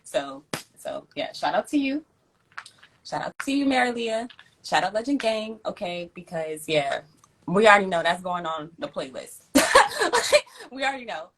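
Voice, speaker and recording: A young woman hosting a live community stream, chatting casually with slang, reading messages aloud and giving heartfelt shout outs. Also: on the low side, big pitch swings, normal speed, rough recording. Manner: warm, effusive, uses slang and swears, reads chat aloud. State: near tears at times. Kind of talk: casual livestream chat.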